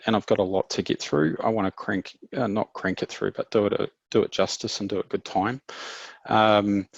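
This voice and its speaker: A man with a New Zealand accent talks through a meetup presentation in a relaxed, chatty way, stopping and restarting his sentences. His voice sits fairly low and carries a gravelly texture. It comes through dry and slightly dull, like lo-fi video-call audio. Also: dry recording. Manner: casual, chatty, many fillers and restarts. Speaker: meetup speaker.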